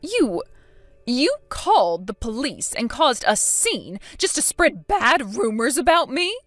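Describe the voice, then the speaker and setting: A woman's voice: high-pitched, sing-song, slow pace, fairly bright tone, dry recording, faint music behind, heavily acted. A woman voicing a scheming, spiteful elderly grandmother in a texting story, talking defensively and full of self-pity. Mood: indignant. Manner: defensive, indignant, self-pitying.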